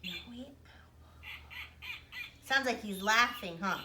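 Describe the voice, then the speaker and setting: A young woman teaching small children in a slow, playful sing-song voice, with frequent gasps and laughs. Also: mid-range voice, noisy background. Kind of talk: toddler lesson, sing-song prompts. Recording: roomy echo.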